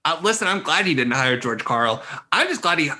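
A man's voice: a little high, very animated, fairly quick, pushed and bright, breathy edge. A young man co-hosting a sports podcast, ranting hotly and swearing as he talks. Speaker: podcast co-host. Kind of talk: casual sports podcast chat.

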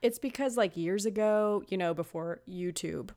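A woman's voice: mid-range voice, normal speed, darkish tone. A woman from Los Angeles co-hosting a podcast, chatting casually, swearing freely and laughing at her own jokes. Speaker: podcast co-host. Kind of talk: casual chat.

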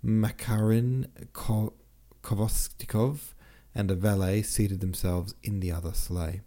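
Steady and measured, this audiobook podcast host works through a classic novel. His low, mellow voice moves at an unhurried, even pace.

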